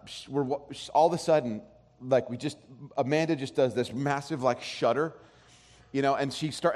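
A man in his thirties preaching a sermon, telling a family story in a casual, rambling way with many restarts. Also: medium pitch. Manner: soft slow prayer voice. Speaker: pastor. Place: church sanctuary. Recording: long hall reverb.

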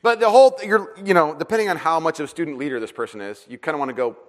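Speaking very fast with a fairly high pitch, this middle-aged man is a pastor delivering a sermon. He spins self-deprecating stories, animatedly performing each character's voice, all under long hall reverb.

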